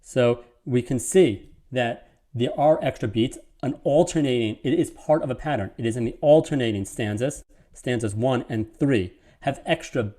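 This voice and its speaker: A man teaching a lesson on poetic meter. He reads verse lines slowly with each beat stressed, and often stops to correct himself. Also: medium pitch, dark tone. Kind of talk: online lecture on poetic meter.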